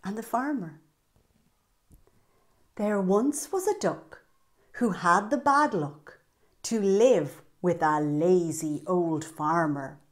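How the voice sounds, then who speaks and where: A woman reads a picture book to young children at an unhurried pace. Her voice swoops up and down in an animated, sing-song way as she points out what is happening in the pictures. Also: fairly low pitch. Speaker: children's storyteller.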